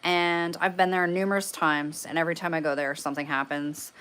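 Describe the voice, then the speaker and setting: A woman's voice: deep voice, little pitch movement, fairly quick, fairly bright tone, clean tone. A woman from Canada chatting casually on a livestream, rambling and swearing with lots of fillers. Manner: rambling and profane, with many fillers. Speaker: paranormal livestreamer. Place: room at home lit by candles.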